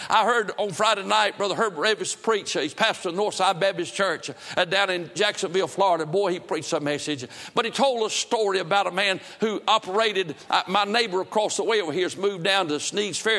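Fervent preacher, high and bright. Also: male voice, in a large hall. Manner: fervent, emphatic, with sudden loud cries and repeated phrases. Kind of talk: revival sermon. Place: church building before a congregation.

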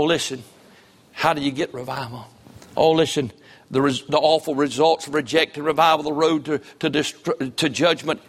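A man preaching a sermon, telling folksy stories that rise into fervent exhortation. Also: mid-range voice. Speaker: pastor.

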